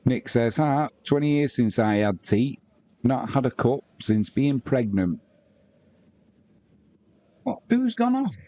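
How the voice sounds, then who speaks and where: A man's voice: mid-range voice, takes it slowly, pauses often, mellow. A man from the UK hosting a live match watch-along, chatting casually and reading viewer comments aloud with banter. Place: at home.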